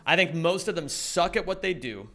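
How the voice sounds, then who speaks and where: Excitable joking streamer man. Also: a little high, moderate pace, gravelly, a little hiss or hum. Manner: joking, excitable banter, swears freely. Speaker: live streamer. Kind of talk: casual live-stream chat with viewers. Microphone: streaming microphone.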